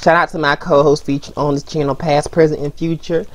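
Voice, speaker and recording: A woman's voice: sits low, level tone, fairly quick, a little hiss or hum. A young woman hosting a music video reaction vlog, talking casually and ranting in slang. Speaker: reaction channel host.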